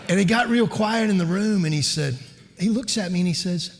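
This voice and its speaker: Gravelly middle-aged man telling a story. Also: sits high, normal speed, pauses often, slight background noise. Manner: conversational, anecdotal, with fillers. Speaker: keynote speaker, lawyer. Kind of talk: personal storytelling speech. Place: large lecture hall. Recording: reverberant lecture hall.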